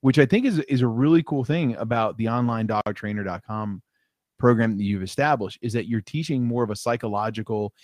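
Man, interview host, rambling casual talk, "like" and "right?" fillers, average pitch, dry close recording. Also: a little fast, a little mellow, dry recording. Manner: rambling, uses "like" and "right?" a lot.

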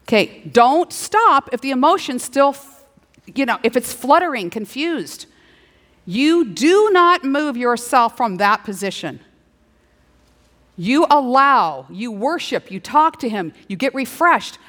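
A middle-aged woman preaching a sermon, playful and animated, slipping into little acted-out dialogues. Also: high voice, slow pace. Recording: long hall reverb.

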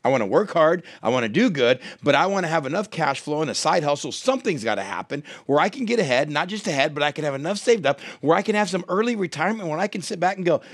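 A man's voice: on the high side, big pitch swings, quick pace, hardly any pauses, dry recording, clean studio sound. A man in his thirties preaching a sermon, telling a story and acting out the people in it with big jumps in his voice. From United States. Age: 30s. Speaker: pastor.

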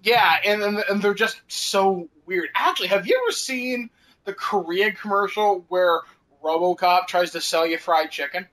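A man with a high, bright voice talks loosely on a podcast. He rambles through anecdotes, drops casual swears and laughs between lines. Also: moderate pace, low-quality recording. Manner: chatty, laughs often, swears casually, many fillers.

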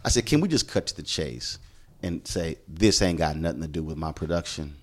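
A middle-aged Houston journalist and show host talks a little fast in an extremely low voice with lively intonation. Guesting on a podcast, he tells emphatic, conversational stories from his career and acts out the dialogue he quotes.

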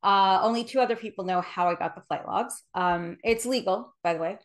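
A woman's voice: medium pitch, brisk. A woman hosting an interview show, amped up and emphatic. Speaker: host. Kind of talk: casual interview.

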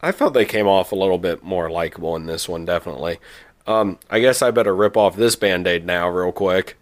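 A man's voice: deep voice, a little fast. A man co-hosting a podcast, telling a long rambling story with lots of restarts and quoted asides. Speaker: podcast co-host. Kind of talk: casual chat.

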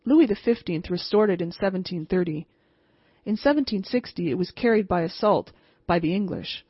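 A woman voicing an irritable older male village mayor who talks in a shrill, complaining way. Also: expressive, normal speed, slightly rough, dry recording, lo-fi sound. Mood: storytelling.

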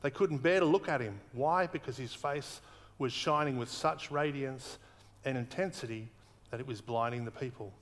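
A man preaching a sermon earnestly, slowing down and repeating words for emphasis. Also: mid-range voice, in a large hall. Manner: earnest, emphatic repetition, slows for weight.

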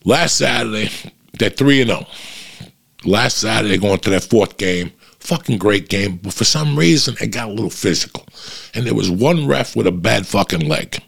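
A middle-aged man, telling a profane stand-up story that rises into loud, animated rants. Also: lowish voice, moderate pace, gravelly, husky. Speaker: stand-up comedian.

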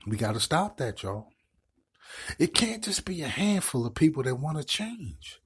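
A man's voice: a little high, sing-song, normal speed, fairly bright tone, husky. A middle-aged man hosting an online show, giving impassioned commentary in a preachy way and repeating words as he builds his points. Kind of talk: impassioned live-stream commentary.

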